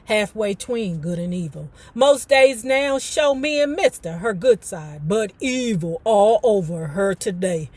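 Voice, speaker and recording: A woman's voice: mid-range voice, a little slow, few pauses. A woman reading a novel aloud for a book club, breaking into chatty, sassy commentary between passages. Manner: animated, switches between reading and sassy asides.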